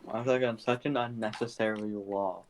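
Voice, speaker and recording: A man's voice: fairly low pitch, fairly even intonation, moderate pace, slight background noise, low-quality recording. A young man from Canada, co-hosting a podcast in casual, blunt, opinionated chat.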